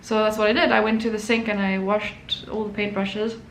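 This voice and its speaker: A woman hosting her own channel, telling a story in a casual, animated way and acting out quotes. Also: medium pitch, moderate pace, reverberant, a little hiss or hum, low-quality recording. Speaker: artist and channel host.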